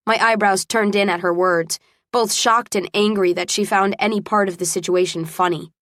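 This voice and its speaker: A woman's voice: mid-range voice, steady tone, normal speed, fairly bright tone, no echo. Woman narrating an audiobook, dry close sound. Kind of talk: first-person audiobook narration.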